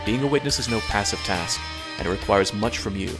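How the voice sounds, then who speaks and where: A man hosting a podcast, reading a formal scripted introduction in a measured way. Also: lowish voice, over music. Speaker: podcast host. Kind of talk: scripted podcast intro, then casual chat. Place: Cairo, Egypt.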